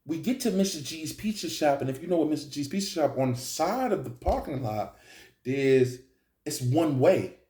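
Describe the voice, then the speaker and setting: A young man telling a story in a casual, animated way, full of slang and profanity, often checking in with "right?". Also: a little high, normal speed. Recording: roomy echo.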